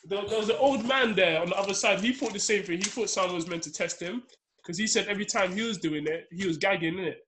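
A man's voice: sits high, quick pace, a bit bright, a little hiss or hum. A young man telling a rambling, slangy story in a casual chat among friends.

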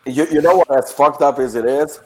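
A man co-hosting a casual podcast, reflecting on events in quick, rambling thoughts. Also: fairly high pitch, poor audio. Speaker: podcast co-host.

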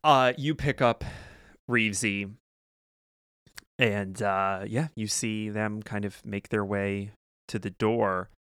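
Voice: medium pitch, steady tone, slow, long pauses, fairly bright tone, clear, resonant tone, no room sound, clean studio sound. A game master narrating a tabletop game in a loose, filler-heavy way.

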